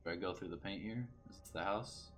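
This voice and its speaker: A man's voice: low voice, brisk, fairly bright tone, slight background noise. Casual man playing a game aloud. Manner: casual, swears mildly, reads aloud with stumbles. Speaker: gamer. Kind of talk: let's play commentary and narration.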